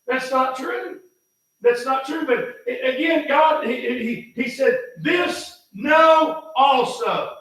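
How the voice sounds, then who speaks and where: High-voiced preacher man, echoey church. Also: a little slow. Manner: folksy, repeats words, builds to shouting. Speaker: pastor. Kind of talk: sermon. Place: church sanctuary. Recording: echoey hall, mic far off.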